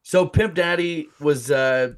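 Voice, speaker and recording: A male comedian guest telling a casual comic story, animated and laughing through it, with many fillers. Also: fairly high pitch, slow.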